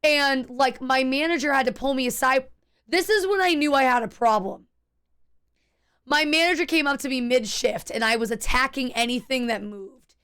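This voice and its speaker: A woman's voice: sits high, normal speed, a bit bright, clear, resonant tone. A young adult woman streaming a game, chatting candidly with viewers in a rambling way, restarting sentences and swearing freely. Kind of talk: casual chat while gaming.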